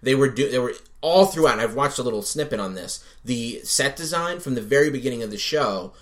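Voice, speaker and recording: Excitable man gushing on a podcast. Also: medium pitch, a little fast, a crowd in the background. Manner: excitable, swears freely, acts out his own reactions. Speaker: podcast co-host. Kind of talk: casual chat reviewing a TV show.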